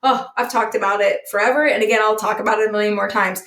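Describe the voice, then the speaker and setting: A woman's voice: mid-range voice, steady tone, fast, a bit bright. A young woman hosting a podcast, heartfelt and chatty, filling her speech with "like". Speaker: podcast host. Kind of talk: casual conversational podcast. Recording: echoey room.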